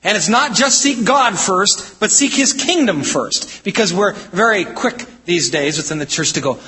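A man preaching a sermon from the United States, in an emphatic style that swings between loud exclamations and low, intense statements. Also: lively intonation, normal speed, hardly any pauses, slightly rough. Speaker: pastor. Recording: hall reverb.

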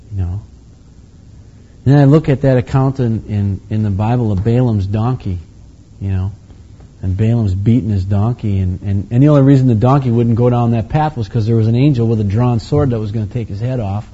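A man's voice: medium pitch, a little fast, mellow, slightly rough. A man preaching a conversational sermon in a casual, folksy way, with many asides and restarts. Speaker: pastor. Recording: slightly muffled lo-fi recording.

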